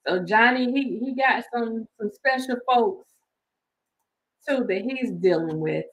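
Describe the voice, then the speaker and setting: A woman's voice: fairly high pitch, a little slow, a bit bright. A woman giving a laughing, playful casual commentary to her viewers. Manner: laughing, playful Southern-style slang. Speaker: commentary vlogger.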